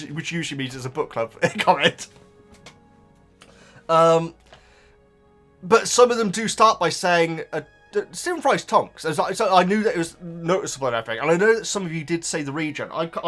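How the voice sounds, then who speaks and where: A man's voice: fairly high pitch, a bit bright. A man rambling casually to his viewers about a book, with lots of restarts and asides. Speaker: vlogger reacting to a book.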